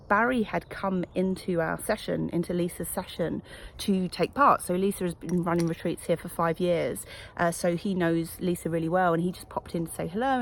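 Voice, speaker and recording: A woman vlogging in a chatty, reflective way, with a gravelly, creaky edge to her fairly low voice. She talks with plenty of ums and uhs, and a faint hiss sits under the recording. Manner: chatty, reflective, many fillers. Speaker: coach. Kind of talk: casual vlog to camera. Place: wellness retreat.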